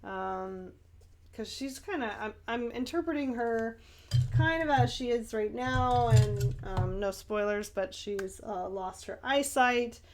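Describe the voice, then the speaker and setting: Brief: a young woman hosting a relaxed paint-along, talkative and giggly, with a slightly high voice. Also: takes it slowly, a little hiss or hum. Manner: chatty and rambling, with giggles and fillers. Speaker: painting vlogger and art teacher. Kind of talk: casual paint-along chat.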